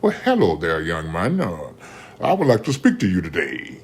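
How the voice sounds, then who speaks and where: A man's voice: sits low, wildly swooping pitch, moderate pace, husky, voice pushed down, exaggerated voice. A man putting on a stiff, overly formal voice as a mock version of the Lord. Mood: mock-solemn. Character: mock-solemn male voice of the Lord.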